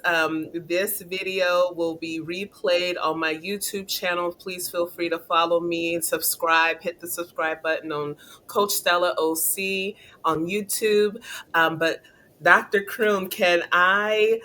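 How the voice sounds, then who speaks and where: A woman's voice: fairly low pitch, steady tone, slow, a bit bright, a little hiss or hum. A woman career coach hosting a casual interview, upbeat and chatty, laughing often.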